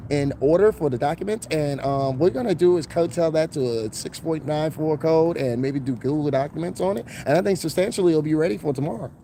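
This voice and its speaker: A man's voice: fairly high pitch, fairly quick, hardly any pauses, dark tone, slight background noise, pitched above the performer's own voice, close to an everyday voice. A man putting on the voice of a prim, overly polite young woman office worker, with an exaggerated proper corporate tone.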